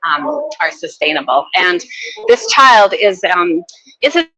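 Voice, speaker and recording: A woman from Canada presenting her children's book at a book fair, telling its story in a gentle, earnest way. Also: on the low side, sing-song, unhurried, rough recording.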